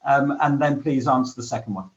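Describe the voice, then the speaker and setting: A male panel chair who speaks haltingly, with lots of ums. The sound is slightly muffled and lo-fi. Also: mid-range voice. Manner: hesitant, many ums and restarts. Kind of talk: hosting an online panel.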